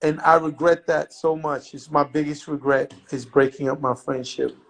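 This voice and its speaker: This middle-aged man, a guest in an interview, relates an old story at a moderate pace in a slightly high voice with vocal fry. He's profane, brash and animated, playing out others' lines, on a rough recording.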